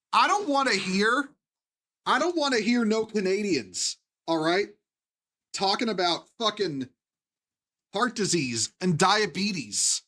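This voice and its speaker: A man's voice: high-pitched, bright, forceful tone. Heated, profane man ranting. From United States. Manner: profane, heated, halting restarts. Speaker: live streamer. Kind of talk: ranting live stream commentary.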